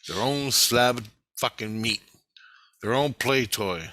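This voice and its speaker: A man's voice: mid-range voice, takes it slowly, pushed and bright, no echo. A middle-aged man in an agitated, rambling vlog monologue, swearing heavily.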